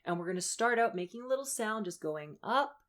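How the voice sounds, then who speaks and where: An upbeat young woman guiding listeners through a vocal warm-up lesson. She speaks at an everyday middle pitch and keeps her instructions encouraging and clear. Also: expressive, brisk. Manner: upbeat, encouraging, demonstrates breathy vocal exercises. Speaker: voice coach.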